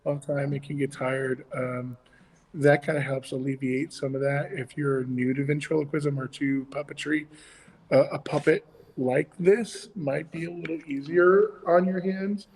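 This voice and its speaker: A man's voice: on the high side, fairly even intonation, unhurried, darkish tone, big-room sound, slight background noise, poor audio. A man co-hosting a casual chat about children's ministry puppetry, talking in a rambling way with many restarts.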